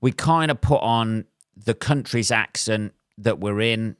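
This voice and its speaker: Rambling, wry English podcast host. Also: male voice, fairly low pitch, measured pace, smooth, no room sound, clean studio sound. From England. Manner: rambling, self-mocking, wry asides and frequent ums. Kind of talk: solo rambling podcast monologue.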